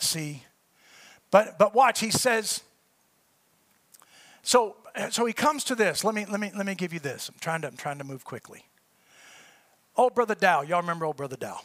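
A male preacher reading scripture in a sermon, rising to shouted peaks and dropping to quiet asides. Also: no room sound. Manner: builds to high shouting peaks, then drops to quiet asides.

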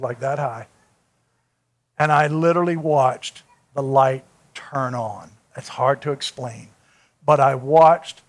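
A preacher with a high, bright voice tells a story from the pulpit of a church. His delivery swings from hushed, intimate asides up to loud, fervent peaks. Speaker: pastor. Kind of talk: sermon. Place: church sanctuary.

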